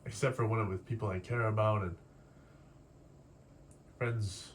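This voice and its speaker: A man's voice: fairly low pitch, fairly even intonation, measured pace. A man in his twenties talking candidly in a confessional vlog, rambling and self-doubting, swearing casually as he works through his feelings. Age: 20s. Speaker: artist vlogger. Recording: faint background noise.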